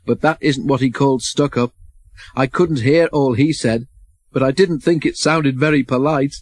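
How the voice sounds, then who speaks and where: A man's voice: mid-range voice, steady tone, moderate pace, no room sound, close to an everyday voice. A man voicing a good-natured, plainspoken male diesel engine in a storybook reading. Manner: cross, then chuckling.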